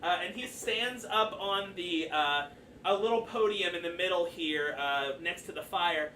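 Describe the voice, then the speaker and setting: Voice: mid-range voice, unhurried, pushed and bright. A game master narrating a tabletop game loosely, with many fillers. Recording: roomy distant mic with faint noise.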